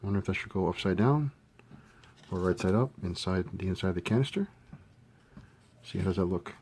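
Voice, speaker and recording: A man giving a casual hands-on modeling tutorial, thinking aloud with relaxed fillers as he works. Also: low-pitched, fairly quick, a little hiss or hum. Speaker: scale model hobbyist demonstrating a kit build.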